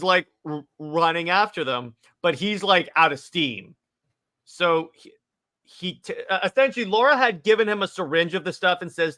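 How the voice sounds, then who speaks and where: Bright excitable man retelling a movie. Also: a little high. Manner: excitable, stumbling restarts, animated retelling. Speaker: podcast co-host. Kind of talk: casual movie discussion.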